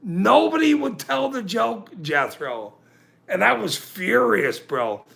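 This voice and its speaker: Gravelly, animated man ranting on a livestream. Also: sits high, slow pace. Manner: profane, laughing, insistent; reads and reacts to chat. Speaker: livestream host. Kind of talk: casual livestream rant.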